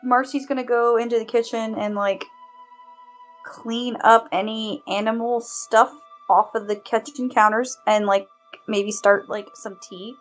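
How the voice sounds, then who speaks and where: A woman playing a tabletop game, bubbly and quick in her talk. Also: fairly high pitch, steady tone, soft background music. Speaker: player. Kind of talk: tabletop role-play chat.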